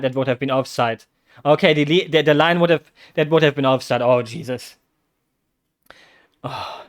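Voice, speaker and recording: Excitable man reacting to football. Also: on the high side. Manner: excitable, rambling, bursts of loud exclamations. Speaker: vtuber streamer. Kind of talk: live football watch-along reaction.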